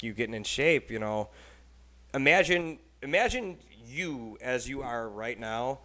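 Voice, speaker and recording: A man with a Texan accent hosts a relaxed podcast conversation, rambling loosely from thought to thought. He talks in an animated, offhand way and drops casual swears. His voice sits at an ordinary middle pitch for a man. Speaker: podcast host.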